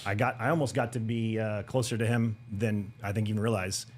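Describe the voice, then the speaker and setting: A man's voice: lowish voice, steady tone, a little fast, husky. A man being interviewed as a new supervisor, upbeat and agreeable. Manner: upbeat, agreeable, many "yeah"s. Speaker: guest supervisor. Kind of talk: casual interview chat.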